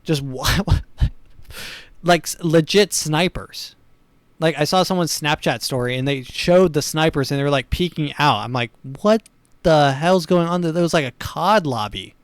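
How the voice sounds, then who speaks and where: A man's voice: on the high side, measured pace, dry recording. Sardonic rambling male podcast host. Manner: sardonic, rambling, dark humor, chuckles at his own jokes. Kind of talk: comedic monologue.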